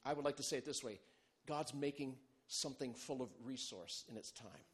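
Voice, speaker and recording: A male pastor preaching a sermon, animated and humorous, moving between loud bursts and quiet, low asides. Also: fairly quick, slightly rough. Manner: animated, humorous preaching with big swings in loudness.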